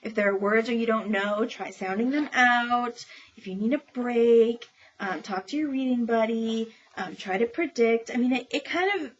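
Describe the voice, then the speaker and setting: On a lo-fi recording with slight background noise, a woman with a slightly high voice chats at normal speed about new children's books. She's a librarian giving casual reviews, peppered with ums and opinionated remarks.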